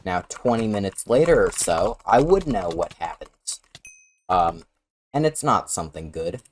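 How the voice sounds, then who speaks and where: Low-voiced man telling a blunt story. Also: sing-song, a little slow. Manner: profane, blunt, sarcastic storytelling. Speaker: storyteller recounting a personal experience. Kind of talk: casual storytelling vlog.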